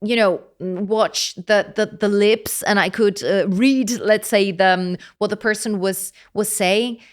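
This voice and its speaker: Animated Italian woman explaining. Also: mid-range voice, a little slow. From Italy. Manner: animated, laughing, explaining with examples. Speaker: guest. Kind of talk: casual chat.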